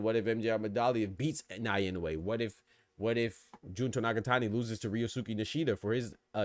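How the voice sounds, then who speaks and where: A man hosts a boxing podcast solo, rattling off takes at a rapid clip in a lowish voice. His delivery is slangy and conversational, peppered with shout-outs to the live chat. The sound is dry and close, with no room around it. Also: no echo. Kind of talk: casual solo commentary reading live chat.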